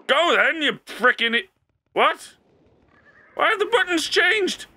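A young man doing excitable let's play commentary, laughing and swearing as he plays. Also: extremely high pitch, takes it slowly. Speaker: gaming YouTuber. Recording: faint game music behind. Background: faint game music.

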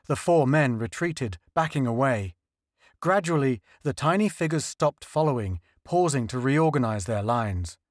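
Male narrator for vintage sci-fi; expressive, lively, dry close sound. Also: medium pitch, a little slow, dry recording. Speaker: audiobook narrator. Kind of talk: scripted narration.

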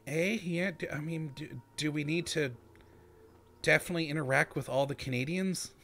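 A man's voice: fairly high pitch, moderate pace, vocal fry, fairly bright tone, a little hiss or hum. A man hosting a let's-play video, chatting casually to himself and laughing often as he plays. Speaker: gaming channel host.

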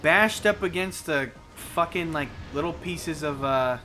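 A man's voice: a little high, measured pace, pushed and bright, faint music behind. A young man co-hosting a let's play, ranting profanely and in exasperation at the game. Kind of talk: gaming commentary.

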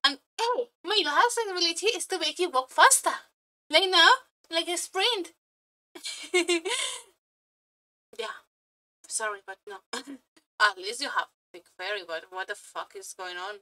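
A woman with a bright, sharp, high-pitched voice, reacting to a video with loud excitement. She swears freely and breaks into laughter, and her English phrasing sounds a little non-native. Her delivery is casual and animated. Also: a little slow.

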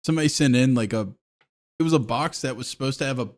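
A man's voice: mid-range voice, quick pace. A man in his thirties chatting casually on a podcast, telling stories with lots of laughter. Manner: laughing, animated storytelling. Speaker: podcast co-host. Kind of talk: casual chat.

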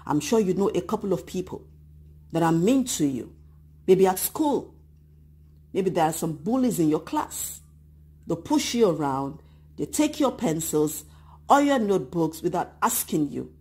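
Woman, children's Bible storyteller, very lively pitch, slow deliberate pace, husky voice. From Nigeria. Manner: animated, acts out voices of children and Bible figures. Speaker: children's church teacher.

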